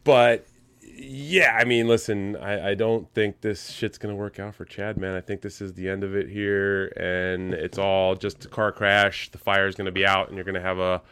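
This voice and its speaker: A man co-hosting a casual podcast, rambling and profane, dropping low and glum when he turns serious. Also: steady tone, a little slow, a bit bright, clean tone, no echo. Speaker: podcast co-host.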